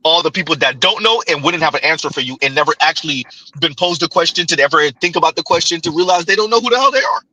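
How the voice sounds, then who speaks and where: Bright, fast-talking male stream host. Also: a little high, low-quality recording. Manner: fast, animated, restarts words. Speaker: livestream host. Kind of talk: casual call-in chat.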